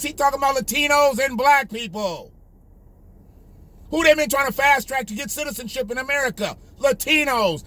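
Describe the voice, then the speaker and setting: Male commentary host, very high and bright, heated profane rant. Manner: heated, profane, emphatic, repetitive.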